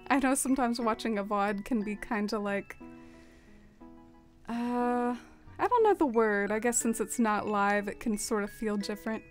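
A young woman live streaming a game, chatting casually with her viewers in a soft, rambling way full of fillers and trailing thoughts. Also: a little high, measured pace, faint music behind. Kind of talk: casual stream chat while playing a game.

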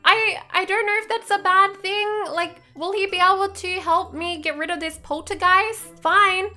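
A woman gaming YouTuber role-playing as she plays, excitable and gasping as if scared. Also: very high-pitched, moderate pace. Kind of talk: role-playing while playing a game.

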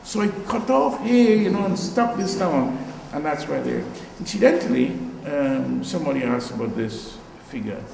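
A man's voice: a little high, animated, normal speed, vocal fry, darkish tone, roomy sound, in a large hall, a little hiss or hum, poor audio. An older man with a Guyanese accent, an artist giving a reflective, storytelling talk about his work in a gallery. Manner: reflective, storytelling, trailing asides.

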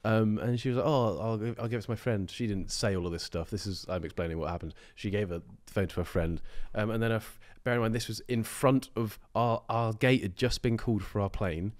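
A man's voice: on the low side, brisk, few pauses. Young man telling stories with quoted voices. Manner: animated storytelling, acts out quoted voices. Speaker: podcast co-host. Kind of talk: casual chat.

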